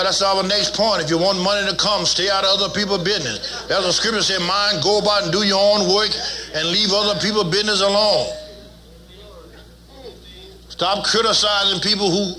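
A man's voice: high voice, steady tone, normal speed, bright, forceful tone. A man preaching as a pastor, folksy and teasing, leading his congregation in call-and-response. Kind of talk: sermon.

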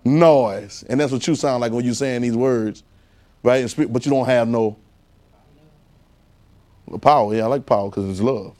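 A man preaching a conversational sermon, animated and repetitive, firing rhetorical questions at his congregation. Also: medium pitch, moderate pace, pauses often.

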